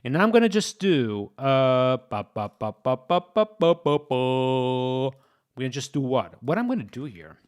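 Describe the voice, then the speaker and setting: A man's voice: mid-range voice, animated, unhurried, smooth, faint music behind. A young man live-streaming while he codes, thinking aloud, repeating himself and talking straight to his chat. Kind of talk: casual live-stream commentary.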